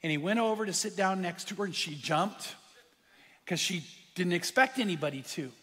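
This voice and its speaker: A man with a somewhat high, husky voice preaches a sermon, telling a story and turning to his listeners to draw them in. His words ring out with a long reverb from a large church hall. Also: animated, normal speed, a bit bright. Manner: earnest storyteller who addresses the congregation directly. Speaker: pastor.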